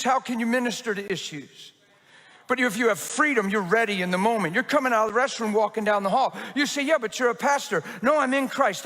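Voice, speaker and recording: Bright, high-voiced preaching man. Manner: animated storytelling, quick restarts. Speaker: pastor. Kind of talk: testimony sermon. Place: church. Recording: reverberant church hall.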